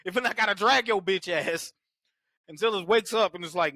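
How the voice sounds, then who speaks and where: A man co-hosting a movie podcast, animated and profane, acting out monster lines in silly voices during casual chat. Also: high-pitched, normal speed, dry recording. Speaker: podcast co-host.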